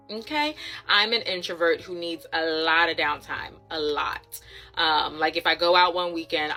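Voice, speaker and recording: A woman's voice: fairly low pitch, pushed and bright. A woman talking candidly to camera, casual and reflective.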